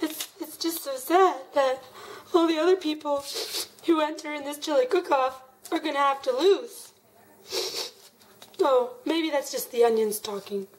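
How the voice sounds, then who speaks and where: High-voiced playful woman cooking at home. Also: a little slow, long pauses, low-quality recording. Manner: playful, chatty, jokey asides. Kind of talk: casual cooking demo. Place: home kitchen.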